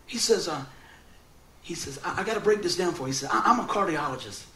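A man's voice: a little high, fast talker, roomy sound. A man preaching a sermon, telling a funny personal story and laughing often as he goes. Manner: animated, laughing through funny stories. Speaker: pastor.

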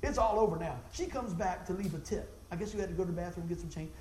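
A man giving an animated, folksy testimony for a ministry, repeating himself and exclaiming as he tells the story. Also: very fast, reverberant, background noise. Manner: voice jumps high when excited, exclaims.

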